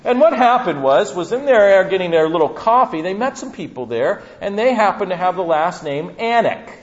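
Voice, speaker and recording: A man preaching a sermon as pastor, telling the story with animated humor. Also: high voice, normal speed. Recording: dull lo-fi recording.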